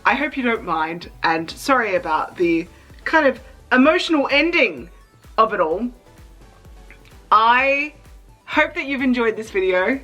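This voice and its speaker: A young woman vlogging in a chatty, excitable way, fighting back tears as she talks. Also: fairly high pitch, unhurried, long pauses, faint music behind, poor audio. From Australia. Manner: chatty, excitable, emotional, trying not to cry. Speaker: cosplay vlogger. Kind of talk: casual vlog talk.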